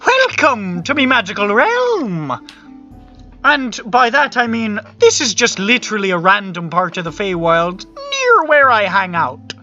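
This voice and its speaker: A woman's voice: mid-range voice, very animated, measured pace, sharp tone, lo-fi sound, soft background music. A woman voicing a laid-back old male fey creature who drawls in lazy slang.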